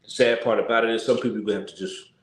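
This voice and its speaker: A man's voice: fairly low pitch, steady tone, fast, fairly bright tone, echoey room. A tired man hosting a casual livestream, talking in a blunt, repetitive, slangy rant. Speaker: channel host.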